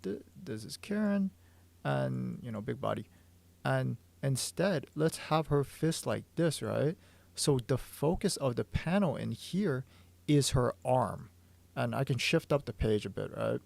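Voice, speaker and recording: A man working as a manga artist who thinks aloud while drawing on a stream, eager and full of stumbling restarts, hoarse from losing his voice. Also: medium pitch, darkish tone, dry recording. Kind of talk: livestream drawing explanation.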